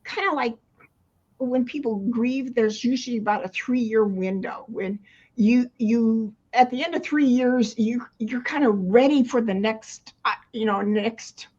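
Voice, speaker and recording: An older woman with a high voice explains her coaching in a loose, rambling way, full of restarts and easy laughter. The recording is dull and lo-fi. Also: measured pace, darkish tone. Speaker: retirement coach. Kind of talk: casual interview talk. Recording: dull lo-fi sound.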